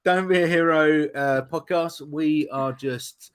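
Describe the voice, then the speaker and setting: A man's voice: a little high, fairly even intonation, slow, clean tone. A man with a British accent, a guest co-host of a podcast, chatting casually with a jokey manner and lots of fillers. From United Kingdom. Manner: jokey, laughing, rambling with fillers.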